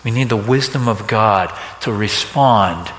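Preacher in an echoing sanctuary. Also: male voice, on the low side, a little slow, a bit bright. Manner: conversational, rhetorical questions. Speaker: pastor. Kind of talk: sermon. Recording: echoey hall reverb.

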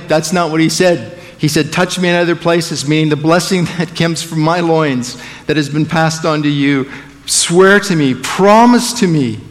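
Gravelly preacher in an echoing church. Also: male voice, a little high. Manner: dramatic shifts between loud emphasis and hushed quotes. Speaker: guest preacher. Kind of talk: sermon and prayer. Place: church sanctuary.

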